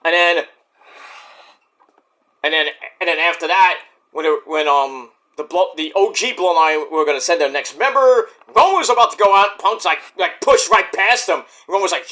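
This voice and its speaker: A young man giving a casual, rambling wrestling event review, excitable and profane, with sudden shouts. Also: high voice.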